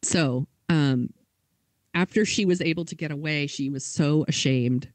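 A man hosting a podcast, telling a story in a casual way, with lots of fillers and quick acted quotes. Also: fairly high pitch, dry recording. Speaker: podcast host.

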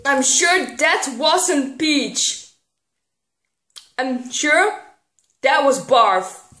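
A teenage girl, filming a casual vlog and getting excitable, squealing when something pleases her. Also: high-pitched, drawn-out words. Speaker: vlogger. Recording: echoey room.

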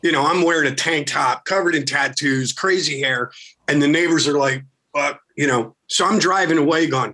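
Rock singer guy from philly, bright punchy voice, swears a lot, animated storytelling. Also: a little high, moderate pace. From Philadelphia. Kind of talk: casual storytelling.

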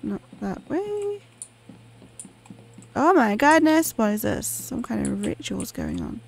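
A woman talks casually through a horror game, reacting aloud as she plays. Her voice is fairly high with a gravelly fry running through it. She keeps up a chatty stream of remarks. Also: wildly swooping pitch, slow pace. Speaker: gaming channel host. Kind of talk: casual let's-play commentary.

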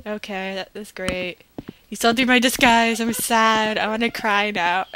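Excitable teenage girl gaming. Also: mid-range voice, measured pace. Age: teens. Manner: excitable, talks to herself, bursts of exclamations. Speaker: let's play gamer. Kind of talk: casual gameplay commentary. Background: loud game music.

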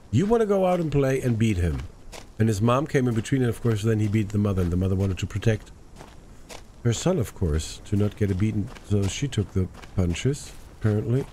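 Brief: male gamer, chatty casual commentary, lowish mellow voice. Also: a little hiss or hum. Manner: chatty, muttering to himself, quick asides. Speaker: let's play gamer.

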